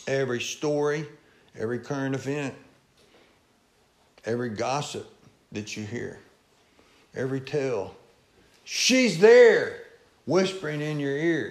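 A male pastor preaching a folksy sermon, swinging between loud calls and low asides. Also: animated, measured pace. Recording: echoey church room.

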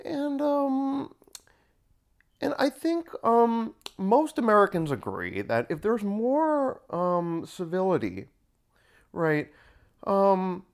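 A man voicing a soft-spoken male radio commentator who hesitates and stumbles through filler words. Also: sits high, sing-song, smooth, pitched above the performer's own voice, full character voice. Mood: earnest, halting. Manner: halting, full of ums and tag questions. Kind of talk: mocking impression in a podcast rant.

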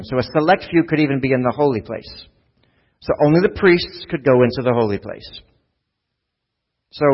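A man's voice: medium pitch, highs cut off. A man giving a sermon as a pastor, talking in a casual, conversational way and putting questions to the congregation.

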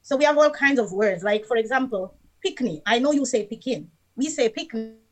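A woman's voice: fairly high pitch, lively intonation, brisk. A woman with a Jamaican accent, a guest in a casual chat, patiently explaining words with a sing-song rhythm.

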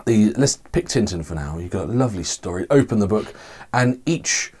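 A man's voice: fairly low pitch, lively intonation, normal speed, a little mellow, husky. A man talking as a guest in a casual podcast chat, thoughtful and meandering with many fillers.

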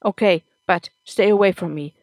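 A woman's voice: mid-range voice, normal speed, dry recording, natural voice. A woman voicing a sensitive young boy who snaps back angrily when hurt. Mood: angry. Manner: sharp and angry when hurt.

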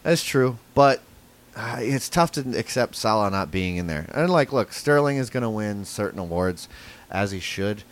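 Animated, swearing football-fan man. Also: on the low side, normal speed. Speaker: podcast co-host. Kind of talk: casual football fan chat.

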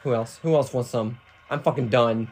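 A woman playing a horror video game in casual chat, panicky and cursing a lot, with loud outbursts. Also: a bass voice, moderate pace, very noisy. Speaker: game player. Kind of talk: casual let's-play chat.

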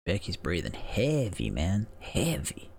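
A man giving casual, excitable live commentary, swearing freely and gasping at the big moves. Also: sits low, slow pace, gravelly, husky. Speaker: watch-along commentator.

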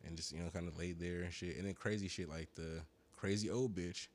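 Deep-voiced guy rambling through a cussing story, kinda high. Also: steady tone, brisk. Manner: rambling storytelling, profane, slangy. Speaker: podcast co-host. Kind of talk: casual chat.

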